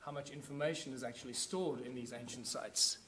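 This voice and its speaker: A man's voice: mid-range voice, fairly quick, a bit bright. A man giving a conference lecture, explaining things and pointing them out to his audience as he demonstrates. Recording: echoey room.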